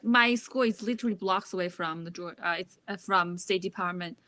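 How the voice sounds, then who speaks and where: A woman's voice: on the low side, a little fast, bright, forceful tone, no echo. A woman student in a casual podcast chat, rambling and searching for words. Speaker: student guest.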